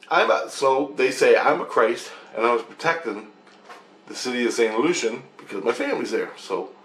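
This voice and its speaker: A man's voice: lowish voice, echoey room, slight background noise. A man telling a rambling, profane story as a casual monologue, recounting events animatedly.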